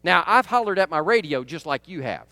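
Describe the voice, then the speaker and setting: A man's voice: on the high side, very animated, a little fast, bright, forceful tone, dry recording. A man preaching a sermon in a conversational way, often asking the congregation "right?" and laughing at his own stories. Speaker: pastor.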